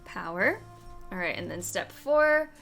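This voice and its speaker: A woman's voice: medium pitch, big pitch swings, unhurried, creaky, fairly bright tone, soft background music. A woman hosting a video game let's-play, chatting casually, reading instructions aloud and giggling often. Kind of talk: casual gameplay commentary.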